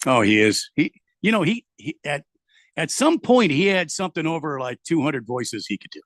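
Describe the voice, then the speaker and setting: A man's voice: fairly high pitch, very animated, normal speed, a bit bright, dry recording, studio quality. A man hosting a casual radio show, reading out listener messages in a loose, easygoing way with lots of fillers. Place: home studio in Arizona.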